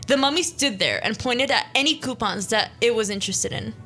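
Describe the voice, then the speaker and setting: A woman's voice: fairly high pitch, brisk, bright, forceful tone, soft background music. A young woman hosting a casual radio show, chattily reading out an interactive scary story and breaking off to comment. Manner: chatty, self-interrupting, reads the story aloud.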